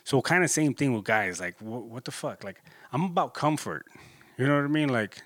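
A man in his late thirties with a drawl rambles on in a loose, profane, filler-heavy way. His voice sits at an ordinary pitch for a man. The sound is close and dry, with no room echo. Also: animated, moderate pace, a bit bright. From Corpus Christi, Texas. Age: 30s. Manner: laid-back, profane, rambling with many fillers. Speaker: vlogger. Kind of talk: casual rambling monologue.

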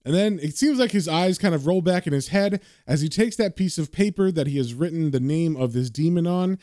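A man's voice: on the high side, expressive, fairly quick, dark tone, dry recording, clean studio sound. Man casually retelling a comic. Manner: casual, conversational, with fillers. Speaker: comic book reader and host.

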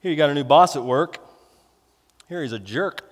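A man's voice: a little high, moderate pace, long reverb tail, lightly acted. A man voicing a sly, sneaky tempter spirit that talks in a chummy, gossipy, wheedling way.

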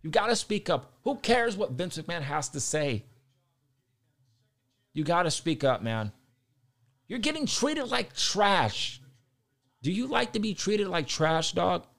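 A man's voice: fairly high pitch, very animated, a little slow, gravelly. A young man ranting heatedly about wrestling, swearing often and repeating himself as he gets worked up. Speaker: wrestling commentator. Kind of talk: heated casual rant.

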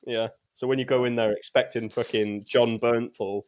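A man's voice: mid-range voice, little pitch movement, moderate pace. A man co-hosting a podcast, telling stories with a laugh and some swearing. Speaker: podcast co-host. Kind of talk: casual banter.

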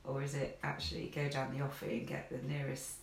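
Gravelly-voiced speaker in an echoey room. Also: medium pitch, completely flat delivery, a little hiss or hum. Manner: reflective, agreeing, quick to laugh. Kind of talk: casual chat.

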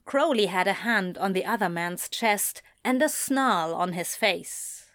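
A woman narrating a story in a slow, measured storytelling voice. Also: medium pitch, animated, a bit bright, dry recording, studio quality. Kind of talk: fan fiction audiobook reading.

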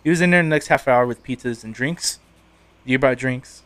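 A man's voice: medium pitch, moderate pace, a bit bright, dry recording. Swearing young man telling a story. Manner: rambling storytelling, heavy swearing, frequent laughs. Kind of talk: casual podcast chat.

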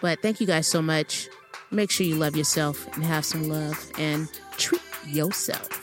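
A woman's voice: sits low, fairly even intonation, unhurried, over music. A woman hosting a podcast, talking in an encouraging, churchy cadence. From American South. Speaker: podcast host. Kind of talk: casual chat.

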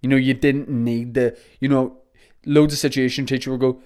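A man's voice: medium pitch, flat delivery, moderate pace, a little mellow, clear, resonant tone. A man hosting a casual solo podcast, rambling through joking stories. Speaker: podcast host.

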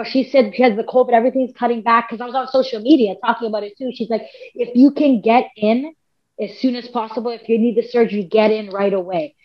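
A woman, a podcast guest telling a long story in casual chat, rambling with many fillers and quoted self-talk. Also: fairly high pitch. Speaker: podcast guest, MMA fighter and coach. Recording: dull lo-fi podcast audio.

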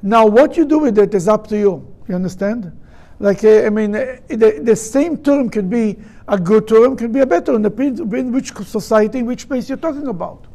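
High-voiced animated man teaching Torah. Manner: animated, acts out quoted speakers, halting restarts. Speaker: rabbi teaching a study group. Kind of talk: Torah study class.

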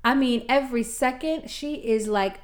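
A woman's voice: fairly high pitch, normal speed. Chatty woman podcast co-host. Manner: animated storyteller, acts out voices. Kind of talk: casual chat.

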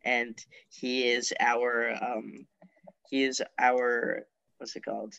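A man hosting a casual podcast, rambling and halting, often laughing with his co-hosts. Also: medium pitch, flat delivery, gravelly, sharp tone, smooth, muffled recording. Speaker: podcast host.

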